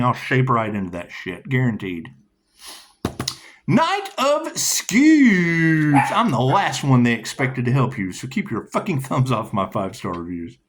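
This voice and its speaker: A man giving a casual tarot reading, rambling and profane, laughing often. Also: background noise. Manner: rambling, profane, laughs often, reads card text in a lilting high voice. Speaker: tarot reader.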